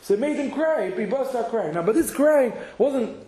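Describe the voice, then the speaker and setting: High-voiced man teaching in an echoey room. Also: lively intonation, mellow. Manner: halting, repeats words, mixes Hebrew and Yiddish terms. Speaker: Torah teacher. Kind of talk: halachic lesson to a class.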